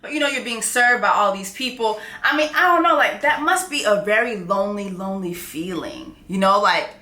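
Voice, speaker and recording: A woman hosting a casual show recap, telling the story in a brash, profane, animated way. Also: medium pitch, fairly quick, reverberant. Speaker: YouTube recap host.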